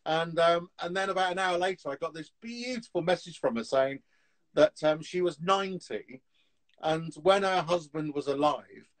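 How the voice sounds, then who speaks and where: A man, a TV antiques dealer, telling stories in a casual, animated way on a live video call. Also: on the high side, low-quality recording. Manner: chatty storyteller, animated, quick laughs. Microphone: phone on a live video call.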